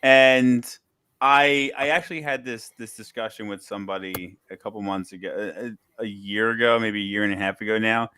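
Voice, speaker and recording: A man hosts a casual podcast, his lowish voice bright and crisp. He tends to repeat words before finding his point. The sound is dry and close, with no room around it. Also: no echo. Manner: halting, repeats words before getting going. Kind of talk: casual chat.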